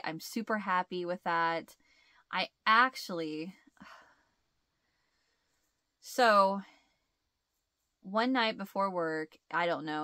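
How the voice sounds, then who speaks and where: A woman's voice: lowish voice, a bit bright, no room sound. A woman hosting a casual chat, rambling and laughing often, with a stuffed-up nasal sound. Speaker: host.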